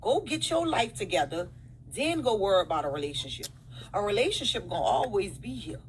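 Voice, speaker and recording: A woman's voice: medium pitch, big pitch swings, a little fast, a little hiss or hum, rough recording. A woman with a New Orleans accent, lecturing the camera in numbered points, bluntly, calling the listener "baby" and swearing. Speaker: social media poster.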